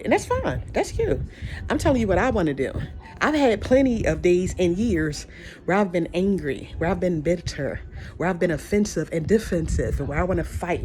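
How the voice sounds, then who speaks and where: A podcast host talks straight to listeners in a loose, heartfelt encouraging monologue, circling back and repeating lines as thoughts come. The voice sits at a middle pitch. Steady noise runs under the recording. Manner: heartfelt, rambling, repeats phrases, says y'all.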